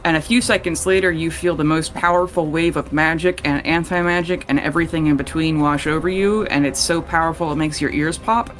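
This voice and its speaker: A man's voice: a little high, fairly even intonation, brisk, hardly any pauses, fairly bright tone, faint music behind. A young man running a tabletop game as game master, narrating casually and swearing freely. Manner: casual, swears freely, voices characters in passing.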